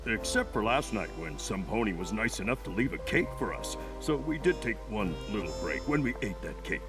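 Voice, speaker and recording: A bored castle guard pony. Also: male voice, lowish voice, brisk, loud music behind the voice. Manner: flat, dull, matter-of-fact. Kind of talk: cartoon voice acting.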